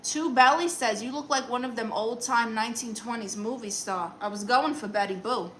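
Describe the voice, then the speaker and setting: Sassy high-voiced woman reading chat. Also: normal speed, fairly bright tone, slight background noise, rough recording. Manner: sassy, dry comebacks to chat. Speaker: livestream host in a comic aunt persona. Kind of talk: comic livestream chat reading.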